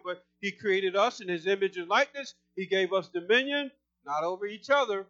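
A man preaching a sermon, fervent and emphatic, his voice climbing higher as he gets excited. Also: no echo, muffled recording.

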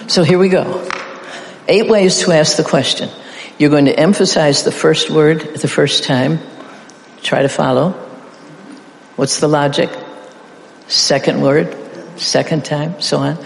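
A middle-aged male preacher with a somewhat high, gravelly voice who speaks slowly and deliberately. He playfully coaxes his congregation into repeating phrases with him. The sound carries a long reverb from a large hall, with faint ambience behind. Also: a little hiss or hum. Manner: playful, drills the audience in call-and-response. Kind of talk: interactive sermon.

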